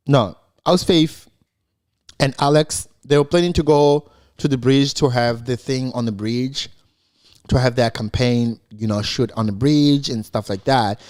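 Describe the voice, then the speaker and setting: A man recapping a TV episode in casual, animated commentary, acting out the characters as he retells scenes. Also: mid-range voice, unhurried. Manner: animated, mimics characters in quotes. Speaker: show recap host.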